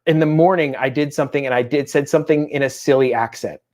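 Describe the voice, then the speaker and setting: A man in his thirties co-hosting a casual chat show, telling animated family stories and slipping into quick impressions. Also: medium pitch. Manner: chatty, animated storytelling with voiced impressions. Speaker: podcast co-host.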